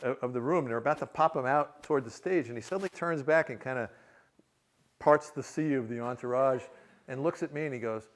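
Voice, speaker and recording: A man from New York City, an author reading publicly, recounts a humorous, self-mocking tale to listeners with many restarts. His voice is mid-range and a little fast.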